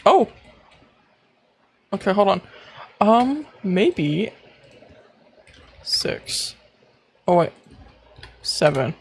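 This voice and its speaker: A man streaming live, chatting casually, excitable and quick to gasp, squeal and swear. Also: high-pitched, vocal fry, slightly rough. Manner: excitable, gasping and squealing with laughter.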